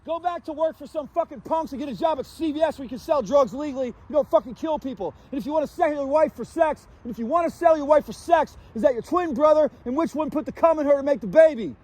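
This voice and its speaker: A man's voice: extremely high pitch, fast talker, hardly any pauses, a little mellow. A man filming his own vlog outdoors on a city street, ranting at someone in a profane, confrontational way. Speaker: vlogger. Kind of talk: angry street rant.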